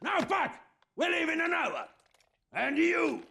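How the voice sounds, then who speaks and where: A man's voice: very high-pitched, sing-song, takes it slowly, gravelly, pushed and bright, heavily acted. An actor playing a greedy, bullying male puppet showman with a blustering, wheedling manner. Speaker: puppet show owner.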